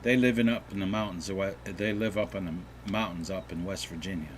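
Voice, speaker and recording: A man hosting a gaming channel, telling a joke in a relaxed, folksy way over gameplay. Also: low voice, brisk, a little hiss or hum. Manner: folksy, relaxed storytelling with restarts.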